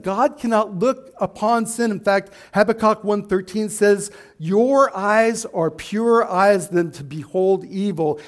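A man preaching a sermon to a congregation, building to emphatic outbursts and slowing for weight. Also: high-pitched. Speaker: pastor. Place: church hall with a slide screen.

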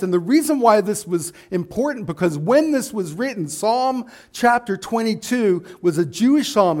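A man preaching a sermon to a congregation, building to emphatic outbursts and slowing for weight. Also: high-pitched. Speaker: pastor. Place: church hall with a slide screen.

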